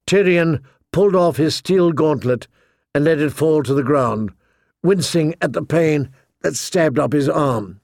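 A male audiobook narrator with a slightly high, gravelly voice, reading a fantasy novel very slowly and deliberately. The sound is close and dry, with no room echo. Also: darkish tone. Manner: slow, deliberate storytelling.

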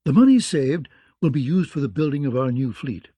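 Male narrator doing an imperious storybook queen, dismissive and dark-toned. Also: medium pitch, expressive, a little fast, husky, dry recording. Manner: cold, commanding, dismissive. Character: proud imperious queen, woman.

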